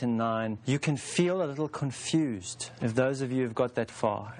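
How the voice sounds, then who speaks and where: A man in his forties speaks in a calm, unhurried teaching voice. His pitch sits in the middle of the male range. He leads listeners through his ideas with everyday pictures. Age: 40s. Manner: calm, unhurried, explains through homely imagery. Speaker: author and teacher of a self-help process. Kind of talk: explanatory teaching talk.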